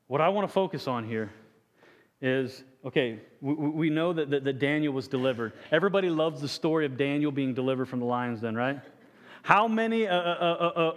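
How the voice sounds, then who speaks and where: Halting pastor preaching in a reverberant hall. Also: male voice, a little high. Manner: halting, repeats words, reads scripture aloud, asks the congregation questions. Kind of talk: sermon.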